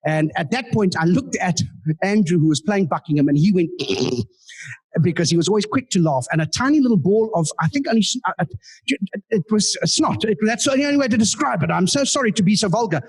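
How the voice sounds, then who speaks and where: Man in his forties, stand-up comic, husky voice, fairly high pitch, self-mocking storytelling. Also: animated, a little fast. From South Africa. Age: 40s. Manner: playful, self-mocking storytelling with asides to the audience. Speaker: comedian and guest speaker. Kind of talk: live stand-up comedy. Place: indoor club meeting room.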